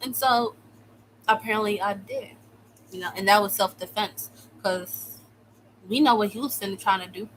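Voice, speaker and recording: A young woman from the United States telling a personal story in a casual, slangy way, with sudden loud outbursts. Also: mid-range voice, moderate pace, pauses often, a little hiss or hum, poor audio. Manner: animated, slangy, swings into loud exclamations. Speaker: vlogger.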